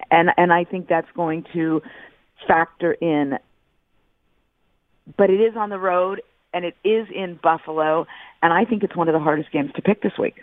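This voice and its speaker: A middle-aged woman, a football analyst calling in as a radio guest, speaking deliberately and repeating words for emphasis. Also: sits low, no room sound. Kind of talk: sports radio phone interview. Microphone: phone. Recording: tinny phone line.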